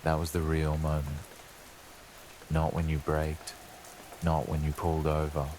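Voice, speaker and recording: A man narrating a scripted horror story for sleep, telling it slowly and ominously as a lurking presence speaking to the listener. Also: extremely low pitch, monotone, darkish tone, slight background noise.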